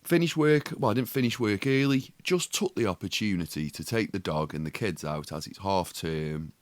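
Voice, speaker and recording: A man's voice: deep voice, normal speed, no room sound. A man, co-hosting a podcast and telling a story in casual chat, acting out the other people's voices and swearing freely. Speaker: podcast co-host.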